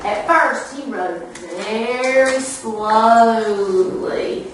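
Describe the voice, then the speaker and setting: A young woman, a student teacher, reading a picture book aloud to children in a classroom with an animated, expressive manner. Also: a little high, drawn-out words, a little hiss or hum. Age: young adult. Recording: echoey classroom, far from mic.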